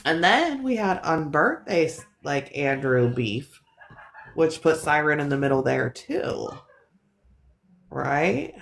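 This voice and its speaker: A woman's voice: deep voice, very animated, takes it slowly, gravelly. A woman hosting a live stream in casual chat, who laughs often and swears casually. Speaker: livestream host.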